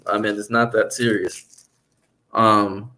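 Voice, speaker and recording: A man's voice: on the low side, slow pace. A man hosting a casual chat, talking bluntly and telling stories with lots of cursing. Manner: blunt, profane, animated storytelling. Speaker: podcast host.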